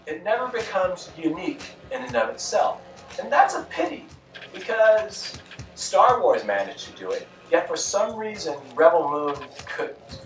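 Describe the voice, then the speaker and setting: A man's voice: sits high, sing-song, a little slow. A man narrating a movie review in a dry, critical, mildly exasperated way. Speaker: film reviewer. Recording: echoey room, mic at a distance, faint music.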